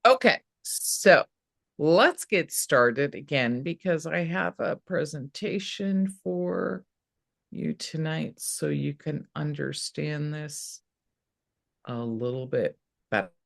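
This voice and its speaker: A woman's voice: low voice, takes it slowly, creaky, dry recording, studio quality. A woman hosting a live online astrology workshop, speaking in an upbeat, encouraging and affirming way. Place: indoor room. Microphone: video call setup.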